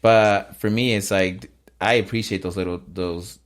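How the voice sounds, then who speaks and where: A man's voice: low-pitched, fairly even intonation, normal speed. A man hosting a casual podcast interview, talking in a loose, rambling way with restarts and casual swearing. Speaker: podcast host.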